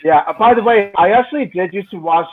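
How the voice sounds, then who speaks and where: A man's voice: sits high, fast. A young man chatting casually on a fan review podcast, rambling with lots of "uh"s and restarts. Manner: rambling, hesitant, many "uh"s. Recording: tinny phone-like call audio.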